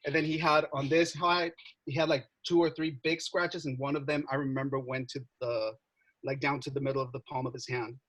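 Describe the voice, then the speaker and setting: Animated young man, bright voice. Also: medium pitch, brisk, low-quality recording. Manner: animated, swears a lot, heavy filler words. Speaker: podcast co-host. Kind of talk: casual storytelling chat.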